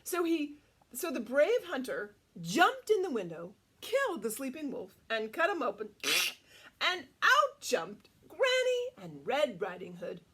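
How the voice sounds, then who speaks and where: A woman storyteller reading a picture book aloud to children, animated and asking them questions. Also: high-pitched, measured pace.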